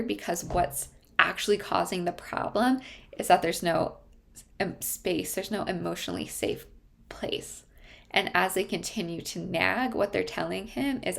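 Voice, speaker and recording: A woman's voice: on the low side, creaky. A woman therapist explaining a TV series in a thoughtful way, often stopping to search for her words.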